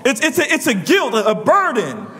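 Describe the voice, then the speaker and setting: A man preaching a sermon in a church, his delivery swinging between quiet murmurs and loud shouts. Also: very high-pitched, huge pitch swings, moderate pace, in a large hall. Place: church sanctuary.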